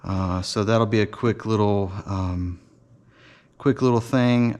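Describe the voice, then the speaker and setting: A man shows off and explains his model build in a workshop, loose and rambling with many fillers and restarts. His voice sits low and darkish, with fairly even intonation, a slow pace and long pauses.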